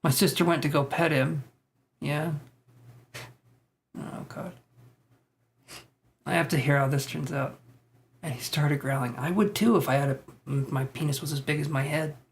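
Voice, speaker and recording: A man's voice: on the high side, a little fast, vocal fry. A man hosting a tarot live stream, chatting casually with viewers, joking, laughing and swearing freely.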